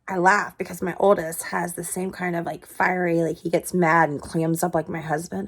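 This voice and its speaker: A woman in her thirties giving an earnest parenting pep talk to camera, asking viewers direct questions and dropping into soft breathy asides. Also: on the low side, level tone, normal speed, hardly any pauses. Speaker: parenting vlogger.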